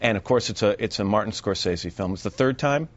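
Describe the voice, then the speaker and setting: A male morning TV host asks his questions quickly and smoothly, in a low voice. The broadcast sound is somewhat dull. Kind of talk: broadcast interview.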